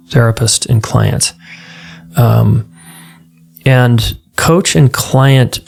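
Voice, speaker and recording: Gravelly-voiced man hosting a podcast. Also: mid-range voice, darkish tone. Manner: earnest, conversational, acts out client dialogue. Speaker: podcast host and relationship coach. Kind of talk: solo podcast talk.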